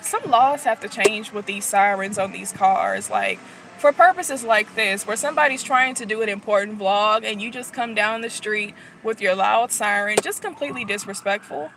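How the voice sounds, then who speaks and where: A woman vlogging as a Christian prophetess, teaching in a relaxed, conversational way with frequent sighs and fillers. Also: mid-range voice, normal speed, a little hiss or hum. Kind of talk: casual spontaneous vlog teaching.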